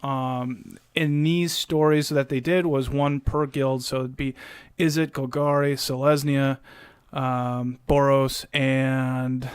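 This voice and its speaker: A man's voice: medium pitch, flat delivery, slow pace, smooth, no echo, studio quality. A man co-hosting a podcast, talking casually and walking through game plays step by step. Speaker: podcast co-host. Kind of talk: casual chat.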